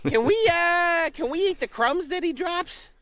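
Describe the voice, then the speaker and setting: A man voicing a loud, gleefully mean male goose that honks and brags about menacing people. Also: very high-pitched, unhurried, dry recording, clean studio sound, pitched above the performer's own voice. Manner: honking, gleefully mean, squealing laughs.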